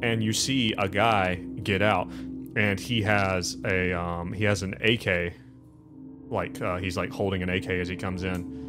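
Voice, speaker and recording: A lower-pitched man narrates a tabletop game as game master, his sentences full of "like" and false starts as he describes the scene. Music plays clearly underneath the talk. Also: steady tone, unhurried. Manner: rambling, full of restarts and "like", acts out NPC lines.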